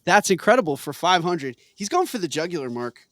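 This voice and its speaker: Animated man hosting a trivia game. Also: high voice, brisk, dry recording, studio quality. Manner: animated, laughs often, reads questions with playful emphasis. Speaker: quiz host.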